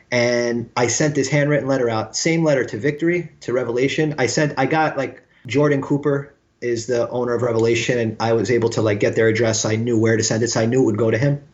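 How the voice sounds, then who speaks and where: A man, telling stories as a guest in a casual interview and acting out the voices of the people he quotes. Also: mid-range voice. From Brooklyn, New York. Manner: animated storyteller who acts out quoted dialogue. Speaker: guest musician. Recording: slightly dull lo-fi sound.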